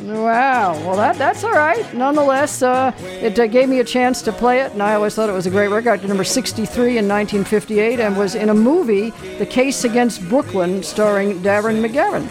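A man's voice: high-pitched, brisk, hardly any pauses, over music. A man hosting a call-in trivia radio show in a chatty, casual way, full of fillers and restarts. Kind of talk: casual live radio chat.

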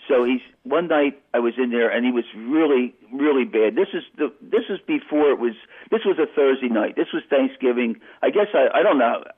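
A man's voice: mid-range voice, animated, a little fast, hardly any pauses, husky. An older man telling a long, rambling story as a guest, correcting himself as he goes, heard over a phone-like radio line. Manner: rambling, self-correcting anecdote. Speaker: interview guest. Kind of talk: casual storytelling.

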